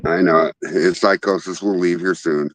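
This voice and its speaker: A man from Wyoming hosting a casual chat, telling stories in a loud, profane, animated way. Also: sits low, moderate pace, rough recording. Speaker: podcast host.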